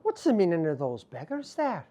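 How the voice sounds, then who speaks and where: A man's voice: fairly high pitch, wildly swooping pitch, normal speed, mellow, voice pushed down. An Irishman doing an eager, wondering old Irishman. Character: excitable old Irish man on a fairy adventure.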